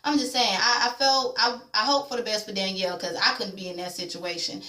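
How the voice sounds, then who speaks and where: A woman's voice: mid-range voice, fairly even intonation, fairly quick, sharp tone. A woman vlogger recapping a TV episode in casual, blunt and opinionated chat with slang. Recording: echoey room.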